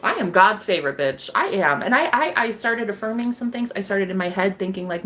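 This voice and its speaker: A woman's voice: medium pitch, animated, a little fast, few pauses, fairly bright tone. A young woman hosting a tarot live stream, chatting casually and bubbly with her viewers, swearing freely and laughing often. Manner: bubbly, profane, laughs often, talks to chat.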